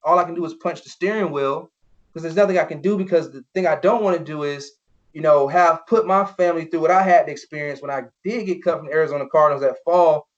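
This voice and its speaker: With a slightly high voice and quick pace, a young former football player earnestly shares personal stories during a podcast interview, leaning on "you know" fillers and acting out quoted voices. The audio is dull and lo-fi.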